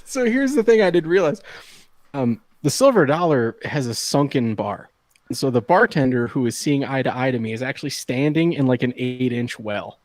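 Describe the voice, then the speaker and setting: A man's voice: mid-range voice, expressive, normal speed, darkish tone, no echo. A man in his thirties telling a long story to friends in a casual chat, laughing often and acting out the people he quotes. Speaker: podcast host.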